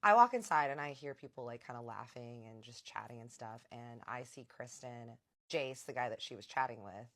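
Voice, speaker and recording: A woman tells a long story in a relaxed vlog, bouncing between narration and quoted dialogue. Her voice is strikingly low for a woman. She is chatty and slangy throughout. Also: normal speed. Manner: chatty, lots of quoting and slang. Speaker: vlogger.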